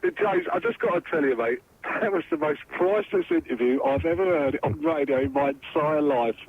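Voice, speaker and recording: Laughing caller on a phone line. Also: male voice, on the high side, big pitch swings, brisk, vocal fry, breathy edge, dry recording. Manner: breathless, keeps breaking into laughter. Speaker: radio caller. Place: car, driving.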